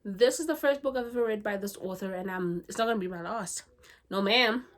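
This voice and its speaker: A woman's voice: mid-range voice, a little fast. A young woman from South Africa chatting about her favorite books, giggly and full of "like" and "legit". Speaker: book reviewer. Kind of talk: casual book review chat.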